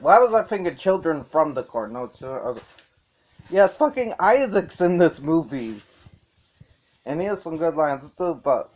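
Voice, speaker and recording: A man's voice: fairly high pitch, lo-fi sound. A man reviewing a movie in a casual, rambling way, swearing and chuckling as he goes.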